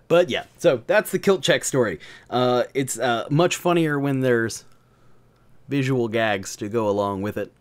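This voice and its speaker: A man's voice: medium pitch, measured pace. A man from the American South telling a story, crude and joking, rambling with many fillers. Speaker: gaming channel host. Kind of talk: casual storytelling.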